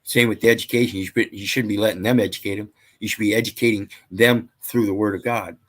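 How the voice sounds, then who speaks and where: A man's voice: on the low side, steady tone, fast talker, fairly bright tone. A man lecturing casually, reading out statute numbers and scripture in a rambling, preachy way. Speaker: channel host.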